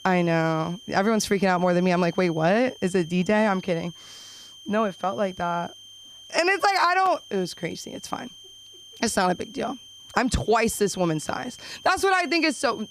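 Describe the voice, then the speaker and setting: A woman's voice: mid-range voice, huge pitch swings, slight background noise, rough recording. Rambling woman doing stand-up. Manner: rambling, self-deprecating, rapid asides. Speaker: open mic comedian. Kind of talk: stand-up comedy set. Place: small comedy club.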